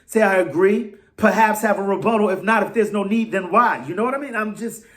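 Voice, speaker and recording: A man ranting casually to camera as a sports fan vlogger, excitable and rambling, with slang and restarts. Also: high voice, fairly quick.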